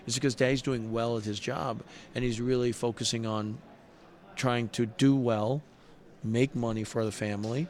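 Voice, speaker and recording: A middle-aged man with a medium-pitched voice speaks at a normal speed. He's a poker player appearing as a guest on a show, sharing personal stories in a conversational way. His retelling is earnest, heartfelt and animated, and he restarts his sentences often.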